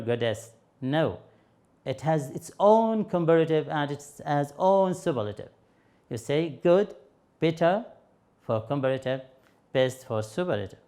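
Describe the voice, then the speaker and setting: Arabic-accented male TV teacher, slightly high voice, slow and patient, lots of examples. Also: darkish tone. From Yemen. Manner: slow, patient explaining with fillers and repeated examples. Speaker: English teacher. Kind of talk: TV grammar lesson.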